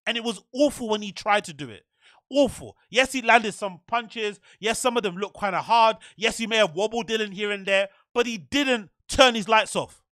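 Young podcast host, bright tone, animated and profane rant, keeps firing the same question. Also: male voice, high voice, moderate pace, no room sound. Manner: animated, exasperated, profane, repeats his questions. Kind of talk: ranting commentary.

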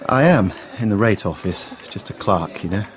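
An actor playing a quiet, unambitious young man, speaking mildly and hesitantly in a radio play. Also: lowish voice, lively intonation, normal speed, lightly acted. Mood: modest. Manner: mild, hesitant, self-effacing.

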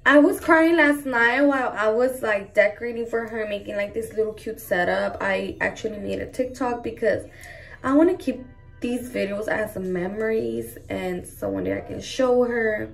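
A woman's voice: a little high, normal speed, vocal fry, recorded from a distance. A young woman and mother vlogging in casual chat to camera, emotional and gushing, often saying "like" and "y'all". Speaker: mom vlogger.

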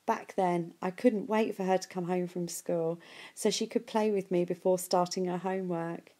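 Woman reading a novel aloud; warm, mellow, steady storyteller. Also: on the low side, moderate pace. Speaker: reader.

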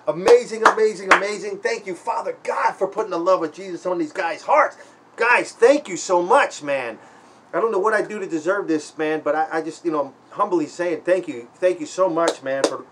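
There's a little hiss or hum behind this excited, high-voiced man from Baltimore, Maryland as he unboxes a gift package for his vlog. Grateful and casual, he repeats "man" and "guys," then offers a heartfelt prayer out loud.

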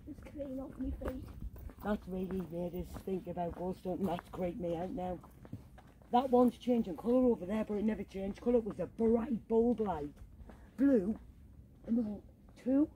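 A woman ghost hunting outdoors in a cemetery at night, talking into a handheld camera in an excitable, frightened way and swearing often. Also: medium pitch, moderate pace, slight background noise, low-quality recording. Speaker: paranormal vlogger. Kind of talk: live ghost-hunting commentary.

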